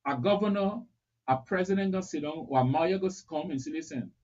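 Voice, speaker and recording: Husky-voiced host, muffled lo-fi audio. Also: mid-range voice, fast talker, a little mellow. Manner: conversational, mixes French and English. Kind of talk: casual chat.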